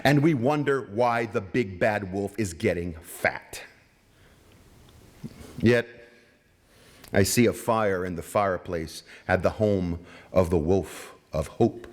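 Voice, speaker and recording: A man with a Cajun accent, an author reading his work in a measured, rhythmic way and then chatting with a festival audience. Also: fairly low pitch. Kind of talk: poetic reading and casual stage talk. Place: festival stage. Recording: long hall reverb.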